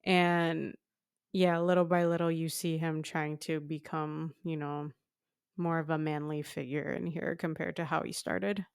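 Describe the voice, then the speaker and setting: A woman co-hosting a podcast who talks about a film in a relaxed way, often filling pauses with "you know". Her voice sits on the lower side and sounds very clear. It is dry and close, with no room around it. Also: no echo. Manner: casual, many "you know" fillers. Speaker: podcast co-host. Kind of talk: casual film discussion.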